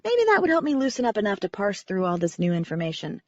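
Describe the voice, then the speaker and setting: A woman narrating a first-person audiobook in a wry, animated manner. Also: medium pitch, fast, no echo, dull audio.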